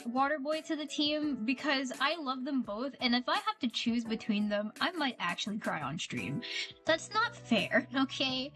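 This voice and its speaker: Gushing woman streamer, high voice. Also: fairly bright tone. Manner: gushing, playful, repeats herself. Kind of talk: casual gameplay commentary.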